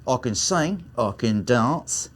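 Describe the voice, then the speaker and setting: A man's voice: medium pitch, lively intonation, slow. A boastful office man.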